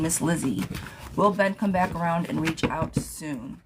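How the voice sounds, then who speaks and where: A woman's voice: fairly low pitch, animated, normal speed, noisy background. A young adult woman giving a casual live tarot reading, chatty, laughing often and swearing lightly. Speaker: tarot reader. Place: home, streaming live.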